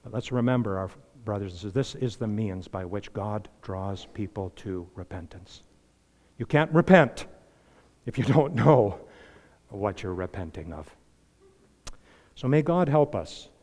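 A man preaching a sermon as pastor, impassioned, swinging between loud emphasis and hushed earnestness. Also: fairly low pitch, expressive, a little slow. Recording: long reverb of a large hall.

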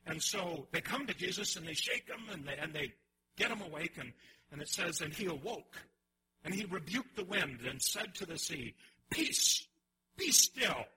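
A man preaching a sermon in an animated way, often restarting his phrases and acting out the voices he quotes. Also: on the high side, normal speed, a little hiss or hum, low-quality recording. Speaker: pastor.

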